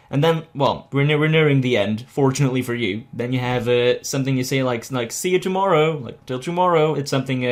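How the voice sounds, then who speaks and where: A young man giving a casual video language lesson, chatty and halting, with many fillers and restarts. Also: mid-range voice. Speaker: language teacher.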